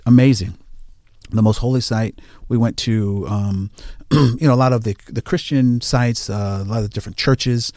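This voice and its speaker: A man speaking as an interview guest in casual conversation, halting often with fillers and restarts. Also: medium pitch, dark tone, dry recording, clean studio sound.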